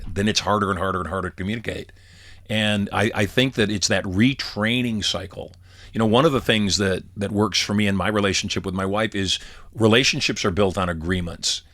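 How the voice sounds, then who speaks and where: On a podcast he co-hosts, a middle-aged man chats casually, sharing stories from his life and performing the lines people said. His voice is on the low side with a bit of brightness.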